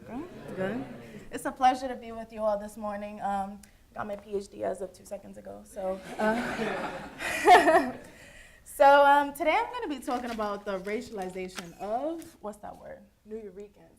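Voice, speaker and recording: A woman's voice: mid-range voice, animated, moderate pace, a little hiss or hum. A young woman giving a casual, chatty conference presentation to a room, laughing easily as she talks. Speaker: student presenter.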